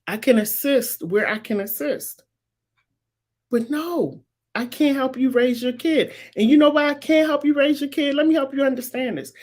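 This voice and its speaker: Emphatic fifty-something woman commentator. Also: a little high. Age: 50s. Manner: emphatic, repetitive, preacherly insistence. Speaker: talk show host. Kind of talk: live-streamed commentary answering viewers.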